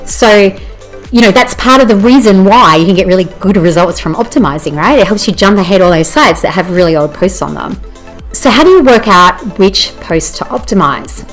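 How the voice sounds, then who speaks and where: A woman's voice: medium pitch, lively intonation, normal speed, faint music behind. An Australian woman giving an enthusiastic, conversational presentation, often checking in with "you know" and "okay?". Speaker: presenter teaching bloggers. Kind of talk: presentation talk.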